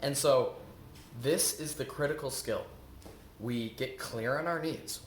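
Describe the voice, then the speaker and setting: A man's voice: medium pitch, unhurried, a little hiss or hum. A man coaching viewers in a self-help lesson, earnest and repetitive, often asking rhetorical questions. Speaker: eating coach. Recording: echoey room.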